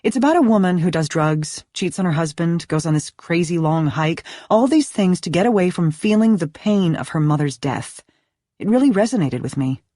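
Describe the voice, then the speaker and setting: A woman voicing a sincere, gentle young woman speaking earnestly. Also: fairly low pitch, lively intonation, moderate pace, no room sound, clean studio sound.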